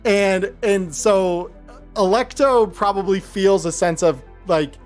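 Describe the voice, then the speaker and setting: A man narrating a tabletop role-playing game as game master, with relaxed phrasing and frequent fillers. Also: sits high, slow, faint music behind.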